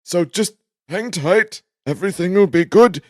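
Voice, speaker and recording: A man playing a tabletop game who speaks in slow, rambling, drawn-out in-character speech. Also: sits high, no echo, clean studio sound. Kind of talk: tabletop role-play.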